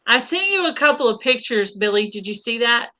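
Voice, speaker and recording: A woman's voice: on the high side, lively intonation, brisk, sharp tone. Chatty Southern woman hosting a live stream. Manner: chatty, laughing, asks lots of questions. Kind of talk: casual live-stream chat. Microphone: video call. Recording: muffled lo-fi stream audio.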